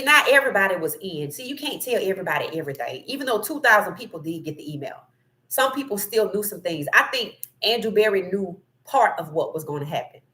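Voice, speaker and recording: Female streamer-host, bright tone, casual and animated, reads chat and riffs. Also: on the low side. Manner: animated, opinionated, laughs often. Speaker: sports talk livestream host. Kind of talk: casual livestream commentary reading chat.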